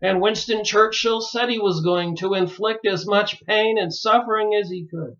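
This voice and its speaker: Emphatic high-voiced man, lo-fi. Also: fairly even intonation, moderate pace, fairly bright tone. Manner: emphatic, rising to pleading exclamations. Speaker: video maker reviewing books. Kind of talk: monologue to camera.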